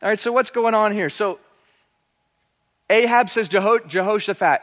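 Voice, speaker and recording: A man preaches through a Bible passage with animated energy, slipping into voices for the characters. His voice sits notably high for a man. The sound rings with the long reverb of a large hall. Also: normal speed, pauses often. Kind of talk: expository sermon.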